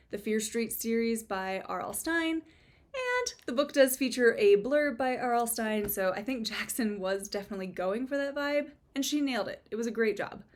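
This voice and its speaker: A young woman giving a casual, chatty book review, with sarcastic asides and frequent fillers. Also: on the high side.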